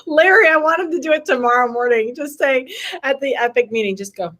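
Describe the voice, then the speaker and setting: A woman on a training call who banters playfully and chimes in with quick quips. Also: sits high, a bit bright. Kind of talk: casual group banter.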